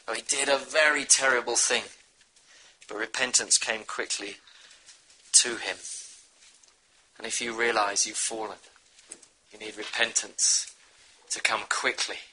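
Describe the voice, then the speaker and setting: A man's voice: mid-range voice, steady tone, a little slow, pauses often, bright, forceful tone, slight background noise, rough recording. A man preaching a sermon, earnestly urging his listeners to repent. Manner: earnest, pleading exhortation.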